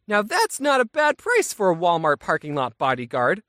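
A man's voice: high-pitched, wildly swooping pitch, moderate pace, hardly any pauses, fairly bright tone, no room sound, clean studio sound. A young adult man, a YouTuber, telling a comic storytime in a wry, self-mocking way. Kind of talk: animated storytime.

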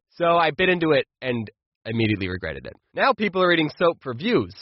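A man telling comic childhood stories in an animated, playful way, slipping into quoted voices. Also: fairly high pitch, fast talker, no echo, muffled recording. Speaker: storytime YouTuber. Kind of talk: comedic storytelling.

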